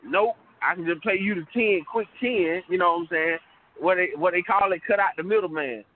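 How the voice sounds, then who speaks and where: A man's voice: sits high, a little fast, slight background noise. Easygoing man on a tinny phone line. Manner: laughing, easygoing. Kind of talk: casual chat.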